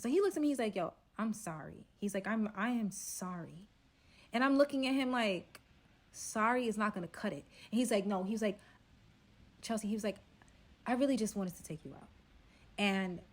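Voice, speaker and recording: A woman telling a casual storytime, animated and quoting people in lively bursts. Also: mid-range voice.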